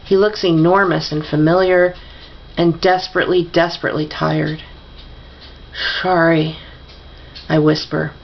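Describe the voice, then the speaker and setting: A woman reads a novel aloud in a low, gravelly voice. She lets the dialogue shift her tone a little, and the recording sounds dull and lo-fi. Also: steady tone, normal speed, slight background noise. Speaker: audiobook reader.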